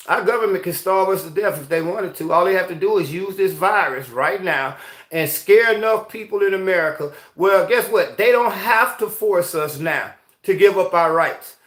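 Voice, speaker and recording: A man's voice: high voice, moderate pace, a bit bright, roomy sound. A man hosting a rambling, heated commentary monologue, often asking "you see what I'm saying". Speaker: host.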